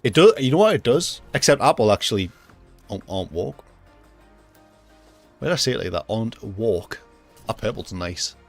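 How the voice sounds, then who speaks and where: A man's voice: medium pitch, big pitch swings, fast, hardly any pauses, faint music behind. A young man ranting and joking casually to his chat during a gaming livestream. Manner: jokey, ranting, reacts to chat, swears casually.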